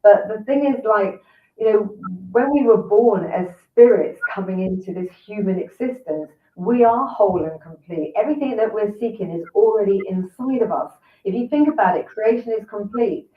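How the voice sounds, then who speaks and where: An older woman talking earnestly about emotions and self-worth, explaining gently. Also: medium pitch, lively intonation, normal speed. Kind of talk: reflective conversation. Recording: echoey, distant, phone-like line.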